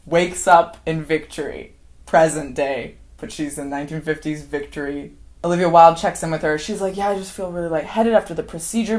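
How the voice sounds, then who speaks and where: A woman's voice: deep voice, darkish tone. A woman giving an unscripted, rambling movie recap, often laughing as she acts out scenes. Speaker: film commentator.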